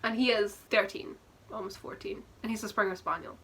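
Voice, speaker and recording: A woman in her twenties with a soft southwest Scottish accent, chatting to camera in a bubbly, rambling and self-mocking way with frequent laughs. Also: medium pitch, brisk, husky. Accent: southwest Scottish, softened. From Scotland. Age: 20s. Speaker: book vlogger. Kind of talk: casual chat to camera.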